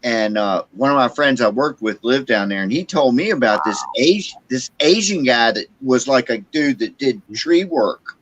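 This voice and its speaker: A man's voice: medium pitch, animated, moderate pace, hardly any pauses, fairly bright tone, dull audio. A man from Virginia chatting casually on a late-night stream, blunt and swearing, telling stories. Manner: blunt, storytelling, mimics accents.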